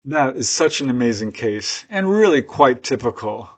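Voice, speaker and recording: A man's voice: mid-range voice, lively intonation, moderate pace. Earnest man recounting cases. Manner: earnest, conversational, with personal asides. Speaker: UFO researcher and author presenting cases. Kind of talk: unscripted storytelling narration.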